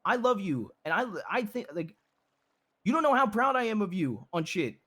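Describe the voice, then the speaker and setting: A man's voice: high voice, very animated, moderate pace, bright, forceful tone, heavily acted. A man playing a blunt, devoted husband who pleads earnestly and repeats himself as he comforts his wife in a game role-play.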